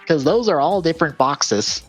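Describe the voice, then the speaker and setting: An animated man with a voice on the high side speaks at a moderate pace over faint background music. He co-hosts a gaming podcast, wandering through game release lists casually, catching his own mistakes and laughing frequently.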